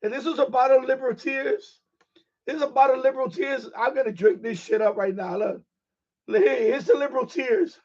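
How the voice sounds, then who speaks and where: A man's voice: very high-pitched, fairly quick, darkish tone, highs cut off. A man hosting a live stream in casual chat, boisterous and profane, laughing often.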